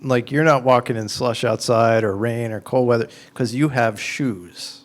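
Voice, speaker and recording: A man answering audience questions in an informal talk, explaining his ideas through conversational, animated everyday examples with lots of "like"s. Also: mid-range voice, a little slow. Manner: conversational, animated storytelling with many "like"s.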